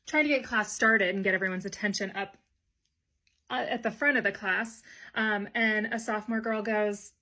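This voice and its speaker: A woman teacher recounts classroom stories to the camera. Her delivery is dry and wry, at a middling pitch, and she sometimes slips into hushed, gossipy asides. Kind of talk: casual storytelling to camera.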